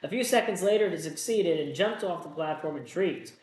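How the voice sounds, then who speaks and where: A man hosting a solo board game playthrough, reading the story text aloud and then thinking out loud about his moves in a casual, self-deprecating way. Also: fairly high pitch, expressive, fairly quick, echoey room, a little hiss or hum, poor audio.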